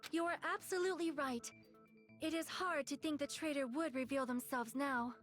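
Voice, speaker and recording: A woman's voice: sits high, normal speed, a bit bright, soft background music. A woman voicing a polite, formal young girl in a video game, speaking in proper, refined wording. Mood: agreeing.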